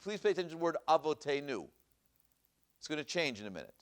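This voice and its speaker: His voice is fairly high, sing-song and fast, with a clean tone, as he teaches a Bible class as a rabbi in a synagogue classroom. He reads Hebrew verses aloud and asks the listeners questions, repeating them throughout the lecture.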